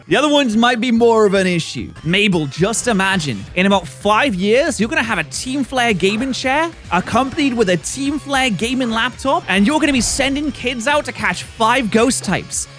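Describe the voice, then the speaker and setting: A man giving playful, joking gameplay commentary, swinging between excited outbursts and deadpan mutters. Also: high voice. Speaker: gaming YouTuber.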